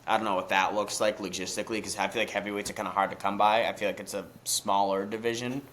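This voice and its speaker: Excitable young man, low voice. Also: quick pace, slight background noise. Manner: excitable, swears often, rambling restarts. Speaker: podcast co-host. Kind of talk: casual chat.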